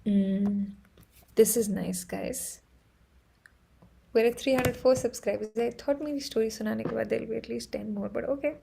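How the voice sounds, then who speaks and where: A woman with an Indian English accent hosting a live stream, chatting casually and laughing often as she tells excitable stories. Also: a little high, moderate pace, creaky, a little hiss or hum, low-quality recording. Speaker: livestream host.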